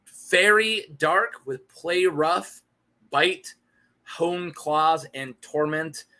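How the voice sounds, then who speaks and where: A man's voice: on the high side, very slow, bright, forceful tone. A young man hosting a casual, joking video chat, who laughs often and banters with himself. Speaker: YouTube host.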